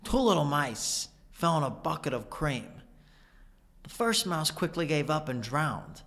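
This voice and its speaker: A man imitating an aging father, proud and wistful, with halting, oddly paced phrasing. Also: a little high, very animated, a bit bright, in a large hall, full character voice. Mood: rousing.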